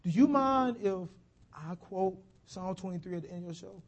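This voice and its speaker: Young girl asking a polite favor, told by a male preacher, fairly high voice. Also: animated, normal speed.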